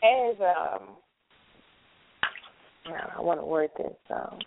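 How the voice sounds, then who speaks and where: A woman hosting a casual evening chat show, talkative and quick to laugh. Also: fairly low pitch, animated, gravelly, slight background noise. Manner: chatty, laughing often. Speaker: host. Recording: tinny phone-like call audio.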